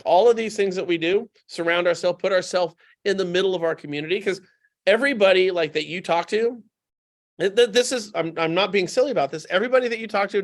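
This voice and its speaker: High-voiced man telling animated stories. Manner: animated anecdotal storytelling; emphatic, repeats points for effect. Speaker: podcast guest. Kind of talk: casual podcast conversation.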